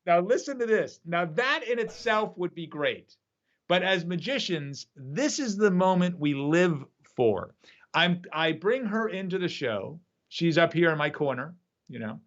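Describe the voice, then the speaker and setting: An enthusiastic male storyteller with a fairly high voice. He talks over a video call from his home studio, and the sound comes through dull and lo-fi. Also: animated, measured pace, a bit bright. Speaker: magician and app creator. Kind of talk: casual storytelling.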